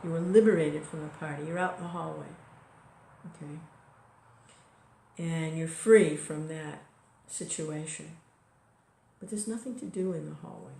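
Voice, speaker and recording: A woman's voice: sits low, unhurried, gravelly, long pauses, warm tone. A woman giving an informal devotional talk in a conversational way, full of "you know" and small restarts. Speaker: devotional speaker. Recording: echoey room recording.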